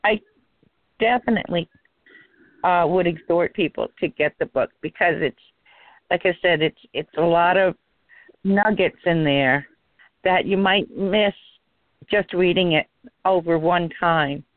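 A woman's voice: on the low side, measured pace, pauses often, no echo. A chatty, enthusiastic woman talking casually as a co-host, laughing easily. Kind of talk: casual chat over a phone line. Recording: tinny phone line.

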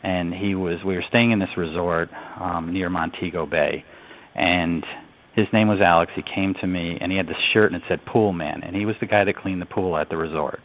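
A man's voice: deep voice, fairly even intonation, fairly quick. A man from upstate New York, a radio interview guest, telling a story in an earnest, reflective way. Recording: phone-line audio.

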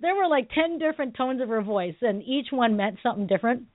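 A woman martial arts instructor co-hosting a radio talk show, telling stories in an animated way with frequent laughs and fillers. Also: fairly high pitch, fast talker, no echo. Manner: animated storytelling, laughs often, many fillers. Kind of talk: casual radio chat. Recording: dry, tinny phone line.

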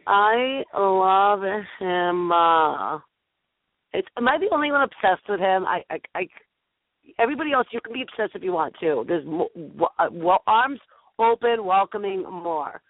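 A woman's voice: mid-range voice, expressive, fairly quick, no room sound. Chatty woman host on a tinny phone line. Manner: gushing, chatty, stumbling restarts. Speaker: show host. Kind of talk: casual live call-in show chat.

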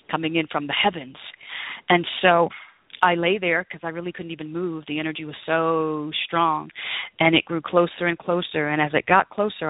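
Speaking over a tinny, dry phone line from Las Vegas, a woman with a low-pitched voice shares personal stories as a guest author in an interview. Her delivery is earnest and full of exclamations.

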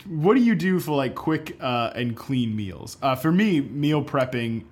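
A man's voice: medium pitch, animated, a little slow, breathy edge. A man co-hosting a podcast in casual chat, telling loose, rambling stories full of fillers. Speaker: podcast co-host.

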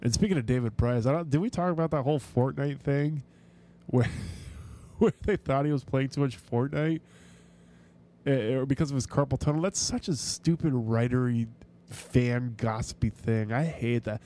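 A man's voice: medium pitch, normal speed, dark tone. A man hosting a sports podcast, chatting casually and ranting with swearing and frequent restarts. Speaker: podcast host.

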